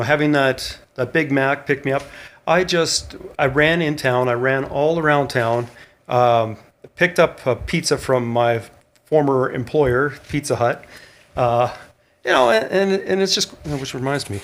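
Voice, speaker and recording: Guy rambling about his day, tired, lots of ums and little laughs, mid pitch. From Canada. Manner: rambling, chuckling, many fillers and restarts. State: tired after a long day of running. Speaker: vlogger on a cross-country run. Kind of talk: casual spoken vlog diary.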